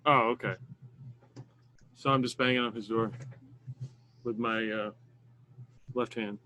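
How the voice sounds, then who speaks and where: A man's voice: lowish voice, steady tone, unhurried, pushed and bright, a little hiss or hum. A man playing a tabletop role-playing game, speaking in terse, clipped lines as his character. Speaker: player.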